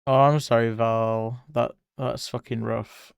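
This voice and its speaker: A man's voice: medium pitch, level tone, slow, creaky, clear, resonant tone, dry recording, clean studio sound. A man with a British accent, an art streamer chatting casually with his viewers while he draws. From Britain. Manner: reads chat aloud and answers viewers by name, chatty. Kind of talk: casual livestream chat while drawing.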